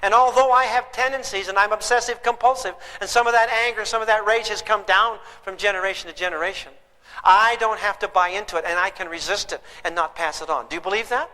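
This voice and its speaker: A man's voice: high-pitched, steady tone, fast, bright, forceful tone, long reverb tail, poor audio. A man teaching a parenting class to a live audience, emphatic and throwing questions at them.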